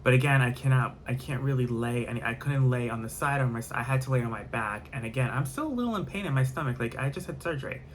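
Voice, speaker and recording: A man's voice: medium pitch, animated, quick pace, hardly any pauses, a little hiss or hum. A man telling a candid, rambling story in a casual vlog, sparing no graphic details.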